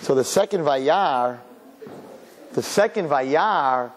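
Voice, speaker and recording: A man as a rabbi giving a humorous sermon-lecture, telling stories with sarcastic, animated delivery. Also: on the high side, a little fast, slightly rough, in a large hall.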